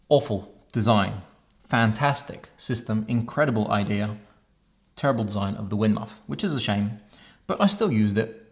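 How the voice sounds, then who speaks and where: A man presents gear in a review vlog with playful enthusiasm. His voice sits on the low side, with a gravelly edge. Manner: enthusiastic, playful demo talk. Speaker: tech reviewer.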